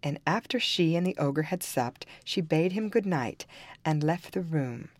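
A woman reading a fairy tale aloud in calm, even-paced storybook narration. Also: sits low, unhurried, dry recording.

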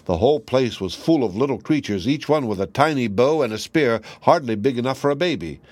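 A man narrating a fairy tale in a steady, measured reading. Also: medium pitch, dry recording. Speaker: storyteller.

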